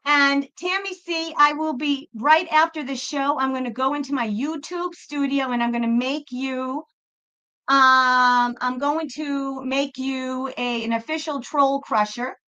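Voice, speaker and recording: A woman's voice: sits high, fairly even intonation, measured pace, bright, forceful tone, muffled recording. A woman hosting a live tarot stream, rambling chattily and talking straight to viewers in the chat.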